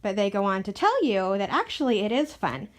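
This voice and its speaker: Young adult woman, parent, casual chatty book recommendation with frequent fillers, medium pitch. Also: very animated, fairly quick.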